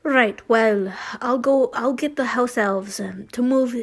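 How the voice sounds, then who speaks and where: Woman doing a old male wizard headmaster, brusque, made-up accent, slow delivery. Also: very high voice, creaky, exaggerated voice. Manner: odd improvised accent, curt. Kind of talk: fan fiction reading.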